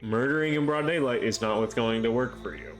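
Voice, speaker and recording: With game music underneath, this man reads out each character's lines in a visual novel stream, his medium-pitched voice expressive and fairly quick. When scenes end, he chats loosely with viewers, swearing along the way.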